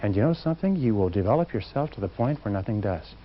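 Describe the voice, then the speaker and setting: A man's voice: fairly low pitch, lively intonation, quick pace, a little hiss or hum. A man giving an emphatic motivational seminar talk to a live audience, acting out quotes as he goes. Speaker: motivational speaker. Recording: dull lo-fi recording.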